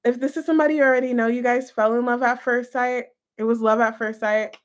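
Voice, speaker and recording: A woman's voice: a little high, steady tone, fast. A woman giving a casual tarot reading to camera, chatty and gushing, talking straight to her viewers. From United States. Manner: gushing, chatty, full of "like" and "you guys". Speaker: tarot reader.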